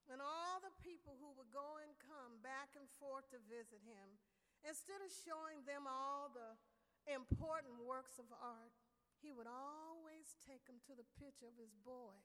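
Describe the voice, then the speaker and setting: A woman's voice: sits high, fairly bright tone. A woman preacher telling a story expressively and emphatically in a children's sermon. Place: large hall with audience. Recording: echoey hall.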